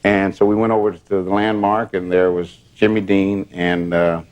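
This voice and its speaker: An older man, a former bodyguard, telling stories in a plain, steady way during a candid interview. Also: low voice, moderate pace.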